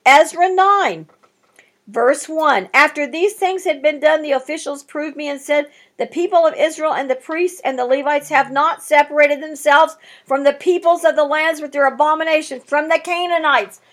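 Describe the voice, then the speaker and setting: A woman with a high voice leads a Bible study lesson. She reads scripture aloud and stops often to comment on it with strong emphasis.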